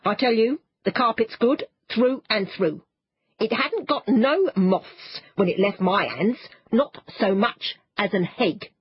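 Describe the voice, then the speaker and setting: A woman voicing an indignant, gruff carpet seller who blusters and shouts. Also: fairly high pitch, lively intonation, slow pace, no room sound, highs cut off, voice pushed up, exaggerated voice. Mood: blustering. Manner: blustering, loud, dropped-g slang.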